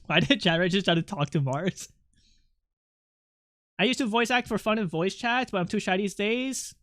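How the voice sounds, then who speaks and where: A live streamer talks casually with chat in a bright, sharp voice, close on a desk microphone. The sound is dry, with no room echo. The talk rambles from joke to joke, swearing freely and breaking into laughs. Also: mid-range voice, animated, a little slow, long pauses. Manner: rambling and joking, swears a lot, laughs often. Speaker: art streamer chatting with viewers.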